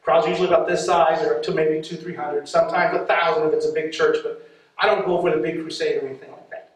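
Lively preacher guy telling stories, laughs a lot, big echoey church sound. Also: a little high, quick pace. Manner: lively, laughing often, acting out voices. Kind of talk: storytelling sermon. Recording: echoey hall, mic far off.

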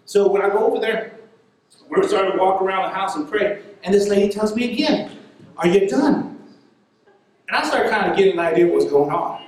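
A man preaching a sermon and telling a story in an animated way, laughing now and then. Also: high-pitched, quick pace, heavy reverb, recorded from a distance, low-quality recording.

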